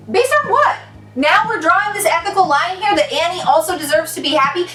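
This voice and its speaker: Exasperated young woman ranting, high voice. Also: a bit bright. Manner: exasperated, sarcastic, swearing, with mocking quoted voices. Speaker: book reviewer. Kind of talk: ranting book review. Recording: echoey, distant mic, faint music behind.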